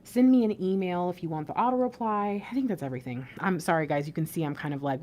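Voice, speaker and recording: In a low, expressive, slightly mellow voice, a woman hosts an intuitive spiritual reading on her channel, speaking briskly with few pauses. She talks casually and reassuringly to viewers, rambling a bit with fillers and restarts.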